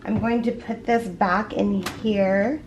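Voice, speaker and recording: Woman vlogger, casual unboxing chat at home; gushing, excited, unhurried, full of fillers. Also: medium pitch, slight background noise. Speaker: crochet vlogger.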